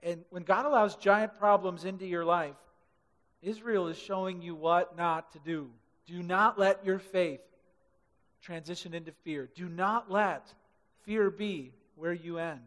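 A man preaching a sermon to a congregation, animated, acting out quoted voices and swinging from loud to hushed. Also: high-pitched, measured pace, in a large hall. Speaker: pastor. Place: large church hall.

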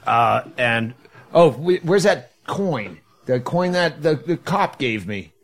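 A man in a relaxed podcast conversation, with a mid-pitched voice. He drops dry, deadpan jokes without much fuss. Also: slow pace. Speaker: podcast co-host. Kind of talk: casual chat.

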